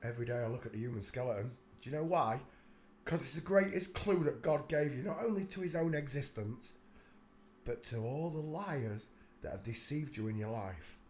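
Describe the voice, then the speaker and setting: A man's voice: medium pitch, animated, normal speed, a little mellow, slight background noise. An older man with a chesty cough, hosting a live stream from a room at home. He chats and preaches in a rambling, apologetic way and breaks off to cough.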